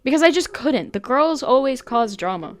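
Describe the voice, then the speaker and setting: Young woman, podcast co-host, casual chat, blunt, swearing, rambling, smooth voice. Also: sits high, lively intonation, normal speed. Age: young adult.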